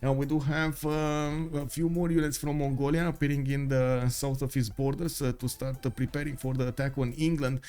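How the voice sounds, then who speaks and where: A man's voice: medium pitch, darkish tone. A man giving live esports commentary on a stream, talking casually with lots of "uh" fillers and asides to viewers. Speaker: stream caster for a strategy game tournament.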